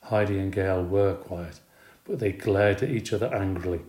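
A man reads a children's storybook aloud with lively expression. His voice sits on the low side. The recording carries a noticeable room echo. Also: normal speed. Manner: expressive, animated reading. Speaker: reader. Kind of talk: storybook narration. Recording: roomy recording.

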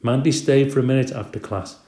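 A man narrating a children's story in a steady storytelling way. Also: mid-range voice, brisk. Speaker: audiobook reader. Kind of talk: scripted narration. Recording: roomy echo.

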